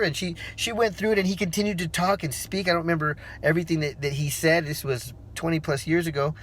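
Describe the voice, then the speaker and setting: A man in his forties telling a personal story in a relaxed, rambling way, with fillers and restarts, acting out the voices he quotes. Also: fairly high pitch, a little fast. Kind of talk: casual spoken storytelling.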